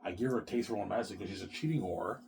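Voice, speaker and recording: Man ranting in a low voice. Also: very fast, gravelly, a little mellow, slight background noise. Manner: profane, repetitive ranting. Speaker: vlogger. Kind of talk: rambling solo vlog.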